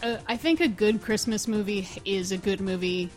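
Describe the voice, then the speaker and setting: A woman's voice: mid-range voice, moderate pace, faint music behind. A woman co-hosting a podcast in casual chat, with a dry, understated wit. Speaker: podcast co-host.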